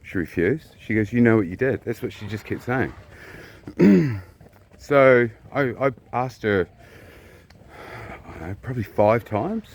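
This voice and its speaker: A man from New Zealand telling a personal story in a blunt, profane, casual way, often clearing his throat. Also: medium pitch, lively intonation, unhurried, long pauses.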